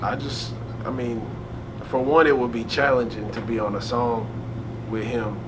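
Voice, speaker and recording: A man's voice: medium pitch, flat delivery, moderate pace. A young man, a hip hop artist, chatting as a guest in a laid-back, slangy way. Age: young adult. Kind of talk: casual interview chat. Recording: noisy room recording.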